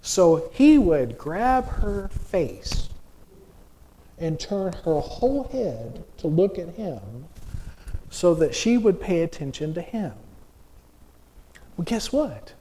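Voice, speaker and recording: A man's voice: high voice, mellow. A middle-aged man preaching a sermon in a folksy, conversational way, full of restarts and rhetorical questions.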